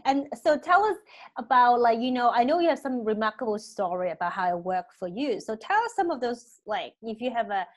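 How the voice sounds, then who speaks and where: A woman's voice: fairly high pitch, lively intonation, fairly quick. A woman hosting a casual interview, asking questions with enthusiastic, loosely phrased speech and fillers. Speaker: interview host.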